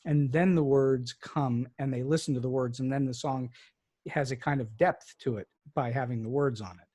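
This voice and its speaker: A man's voice: mid-range voice, fairly even intonation, normal speed, dark tone. A man hosting a podcast interview, thoughtful and affirming as he asks questions and shares his views. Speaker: podcast host. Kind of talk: conversational interview.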